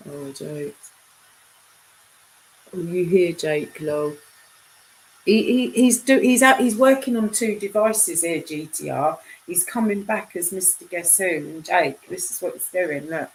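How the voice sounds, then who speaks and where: A woman's voice: low voice, a little hiss or hum, low-quality recording. A woman chatting casually on a live stream, reading viewers' comments and bantering with them, laughing often.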